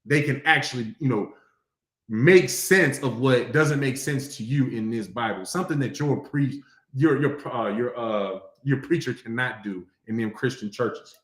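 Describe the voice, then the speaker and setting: A man's voice: mid-range voice, measured pace. Preachy man lecturing in an echoey room. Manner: preachy, checks in often with rhetorical questions; reads verses in a raised, declaiming voice. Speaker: religious class teacher. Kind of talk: scripture study lecture.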